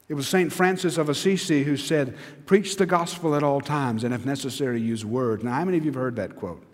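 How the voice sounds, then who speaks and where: A man's voice: medium pitch, a little fast, hardly any pauses. A man, preaching an earnest, emphatic sermon as a pastor in a church sanctuary. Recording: long church reverb.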